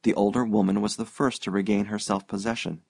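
A man narrating an audiobook in a steady, even-paced reading. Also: lowish voice, fairly quick, vocal fry, slightly rough, dry recording.

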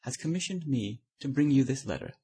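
A man reading the part of a polite old gentleman with a slight French accent, speaking formally. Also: mid-range voice, lively intonation, brisk, husky. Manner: courteous, formal.

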